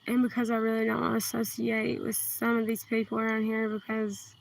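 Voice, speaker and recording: A woman with a southern Kentucky accent, chatting on a livestream outdoors at night, speaking slowly and carefully enunciating into a phone. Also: a little high, monotone, creaky. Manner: slow, deliberately enunciated, soft-spoken. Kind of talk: casual livestream chat. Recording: distant phone mic, faint outdoor hiss.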